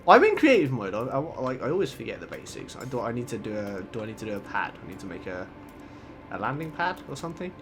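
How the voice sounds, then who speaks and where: A young man giving excitable let's play commentary, gushing and laughing often as he plays. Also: medium pitch, fast talker, background noise. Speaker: gaming channel host.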